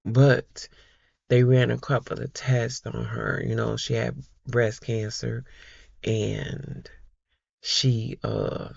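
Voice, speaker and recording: A middle-aged woman vlogger chatting to her viewers, telling a personal story in a slow, heartfelt way and calling them y'all. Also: very deep voice, level tone, vocal fry, darkish tone, breathy edge, no echo, highs cut off. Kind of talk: casual chat to viewers.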